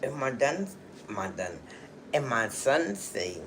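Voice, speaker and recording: A woman's voice: rumbling low, sing-song, slow pace, background noise. A woman telling a personal story to her livestream viewers in a chatty, emotional way, full of "you know" and "okay". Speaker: livestream host.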